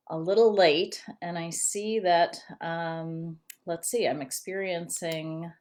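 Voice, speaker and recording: A woman's voice: fairly low pitch, fairly even intonation, takes it slowly, hardly any pauses, darkish tone. A woman business coach who talks in a chatty, welcoming way as she speaks directly to viewers in a live-streamed talk. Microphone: computer camera for a live stream.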